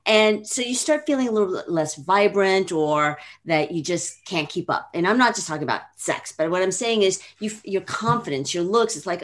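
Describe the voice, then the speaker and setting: A woman's voice: mid-range voice, expressive, normal speed. A woman in her fifties from Los Angeles, a fitness trainer guest speaking frankly and laughing easily on a remote podcast call. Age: 50s. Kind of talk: casual podcast interview.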